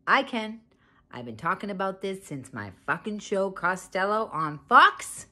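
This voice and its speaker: A woman's voice: on the high side, sing-song, moderate pace, bright, forceful tone. A woman on a profane, sarcastic rant to camera, indignant and hammering her points home by repeating them. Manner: sarcastic, indignant, swears often; repeats phrases for emphasis.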